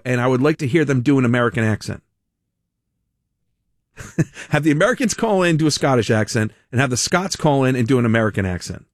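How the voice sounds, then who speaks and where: A man's voice: fairly high pitch, no room sound, studio quality. A man hosting a talk radio show, delivering a sarcastic, mocking monologue with frequent laughs.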